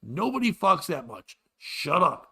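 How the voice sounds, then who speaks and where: A man hosting a comedy podcast, ranting in a loud, exasperated and profane way. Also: fairly high pitch, very animated, measured pace, vocal fry, husky. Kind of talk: crude comedic rant.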